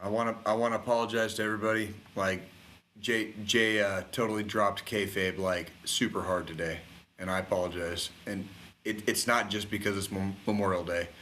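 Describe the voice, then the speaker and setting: A man's voice: low voice, bright, forceful tone, a little hiss or hum. A man co-hosting a podcast, delivering a raw, emotional monologue full of swearing. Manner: heavily profane, raw and emotional. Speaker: podcast co-host.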